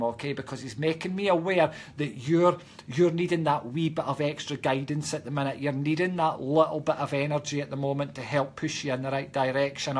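A man's voice: on the high side, husky. A man with a Scottish accent giving live psychic readings in a chatty, reassuring way, often checking in with "okay?". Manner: reassuring, keeps adding "okay?"; chatty and jokey between readings. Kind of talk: live-stream reading, casual chat.

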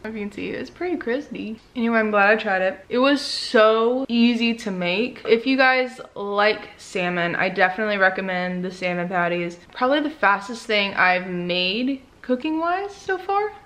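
A young woman vlogging in a casual, rambling way. She talks in a chatty, excitable and emotional manner. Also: mid-range voice, normal speed, hardly any pauses. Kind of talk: casual diet vlog chat.

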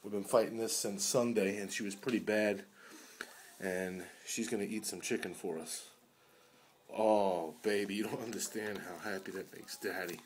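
A man filming at home, talking tenderly and coaxingly to his sick dog in soft baby talk that often drops to a murmur. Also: sits low, slight background noise. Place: at home indoors.

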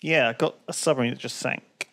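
A man's voice: mid-range voice, a little fast, creaky, bright, forceful tone. A man chatting casually during a strategy game, making dry, muttered asides. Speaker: gamer in a group let's play. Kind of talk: casual gaming chat.

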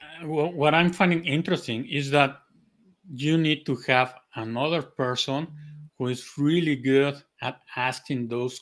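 A man's voice: mid-range voice, fairly bright tone. Male host who speaks in thoughtful bits. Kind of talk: interview question.

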